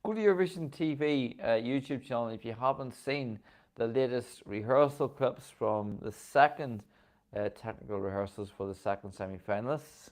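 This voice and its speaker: A man's voice: medium pitch, moderate pace. A man with a Northern Irish accent hosting a casual video, chatting enthusiastically with frequent ums. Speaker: host. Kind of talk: casual chat to camera.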